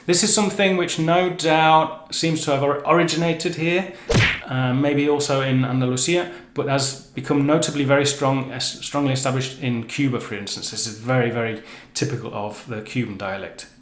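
A man's voice: medium pitch, fairly even intonation, normal speed, roomy sound, a little hiss or hum. A man explaining the features of a language in a chatty, self-correcting way, with frequent restarts. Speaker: language teacher. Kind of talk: educational explainer. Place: living on the Canary Islands.

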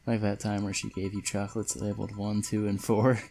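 A man's voice: lowish voice, level tone, fairly quick, gravelly, warm tone, slight background noise. A man reading as a blunt woman bar boss. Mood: amused.

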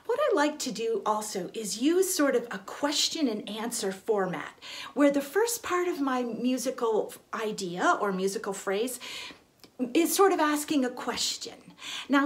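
A woman violin teacher explaining in a studio, gentle and encouraging, with small restarts as she talks. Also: a little high. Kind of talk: friendly instructional explanation. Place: recording studio.

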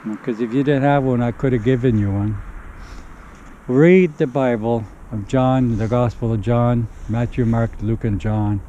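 A middle-aged man speaks outdoors as a street preacher, urging and pleading in an earnest way. His voice is dark and mellow. A faint hum of passing traffic sits behind him. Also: mid-range voice, measured pace, highs cut off. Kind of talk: one-on-one street evangelism. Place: outdoors in a city park in winter.

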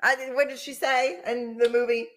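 A woman co-hosting a podcast, scolding her husband in loud, theatrical mock outrage. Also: a little high, steady tone, moderate pace. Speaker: podcast co-host. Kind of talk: comic married-couple banter.

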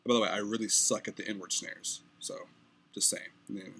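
A man's voice: fairly low pitch, fairly even intonation, brisk, background noise. A young man making a casual beatbox tutorial, talking loosely and stumbling over words. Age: young adult.

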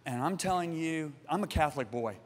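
A man in his sixties preaching a sermon, telling his own story and calling out to the congregation, moving between loud appeals and hushed passages. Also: fairly high pitch, animated, brisk, a little hiss or hum. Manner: calls out to the congregation. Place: large church auditorium. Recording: long reverb of a large hall.

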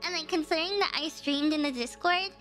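Very high-pitched giggly woman streamer. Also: quick pace, fairly bright tone, faint music behind. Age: young adult. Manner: giggly, talks back to chat, frequent laughter. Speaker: VTuber streamer. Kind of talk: casual live-stream chat.

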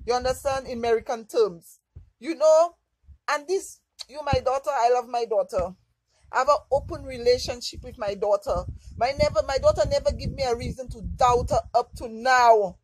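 A woman's voice: high voice, darkish tone, rough recording. A woman from Lucia, telling a candid, emotional story for her vlog. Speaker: vlogger.

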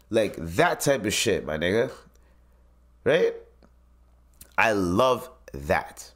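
Man, podcast host, very low voice, casual profane rant, blunt opinions. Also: very animated, slow pace, pauses often. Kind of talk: casual solo podcast commentary.

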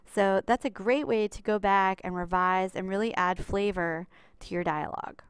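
A woman walks her students through a writing lesson in a bright, chatty teacher's voice. Her tone is smooth and clear, and it sits in an ordinary middle pitch. The recording is dry and close, with no room sound. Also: normal speed, no echo. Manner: chatty, upbeat, addresses students as lovelies.

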